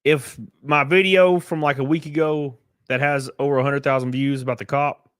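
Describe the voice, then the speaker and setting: A man's voice: medium pitch, little pitch movement, moderate pace, a bit bright, smooth, dry recording, clean studio sound. A young man, chatting live on a stream and reading viewer comments in a blunt, profane, rambling way full of fillers. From American South.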